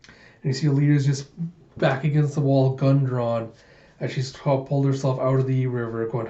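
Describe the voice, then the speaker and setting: A man casually reading a comic aloud, voicing sound effects and chuckling along. His voice is mellow and even, recorded in a roomy space with a slightly muffled, lo-fi sound. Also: mid-range voice, normal speed. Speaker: manga readthrough host. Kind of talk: casual comic readthrough narration.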